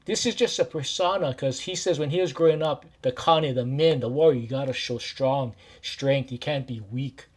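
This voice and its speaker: A man's voice: mid-range voice, steady tone, normal speed, few pauses. Man with a Hawaiian Pidgin lilt. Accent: Hawaiian Pidgin-tinged English. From Maui, Hawaii. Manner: warm, repetitive, addresses listeners directly. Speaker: life coach. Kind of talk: casual direct-to-camera talk.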